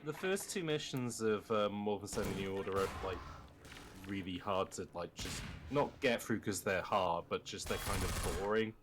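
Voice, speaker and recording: A man's voice: fairly low pitch, moderate pace, background noise. A man chatting casually on a gaming stream, rambling and swearing as he tells stories. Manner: rambling, swears, animated storytelling. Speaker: streamer co-host.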